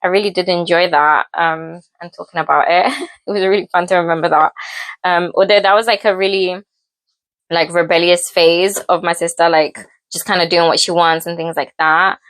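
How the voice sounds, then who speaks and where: Young woman vlogger, casual cooking chat, giggly, lowish voice. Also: fairly even intonation, normal speed, a bit bright, no echo. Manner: chatty, giggly, full of fillers. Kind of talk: casual storytelling while cooking. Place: home kitchen.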